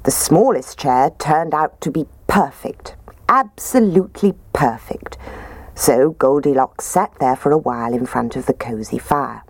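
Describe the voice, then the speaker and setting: A woman reading a children's story aloud in a gently animated, expressive way. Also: a bass voice, normal speed, few pauses, slightly rough, dry recording.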